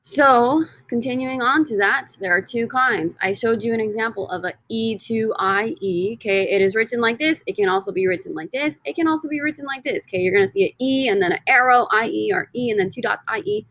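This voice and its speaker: A woman's voice: a little high, brisk, few pauses, fairly bright tone, no room sound. Upbeat woman teaching over slides. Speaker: Spanish teacher. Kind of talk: recorded slide lesson.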